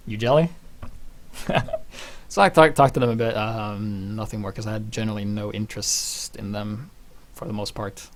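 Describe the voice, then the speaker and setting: Young male vlogger, rambling, animated, swears freely. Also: lowish voice, moderate pace. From Norway. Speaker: channel host. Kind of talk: casual personal storytelling.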